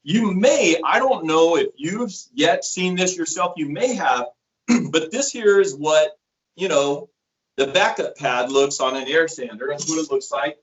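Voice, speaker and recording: Muffled audio captures a middle-aged man whose voice leans high and whose pace stays measured. Working in sales, he tells stories and explains products in a casual interview, animatedly acting out the people he quotes.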